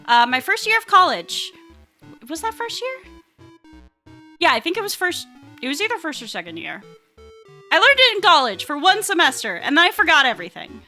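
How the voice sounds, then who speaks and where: A woman's voice: extremely high pitch, very animated, moderate pace, pauses often, bright, forceful tone, faint music behind. A young woman streaming a playful, casual self-introduction at a desktop mic, giggling and chatting with her viewers. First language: English. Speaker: VTuber streamer.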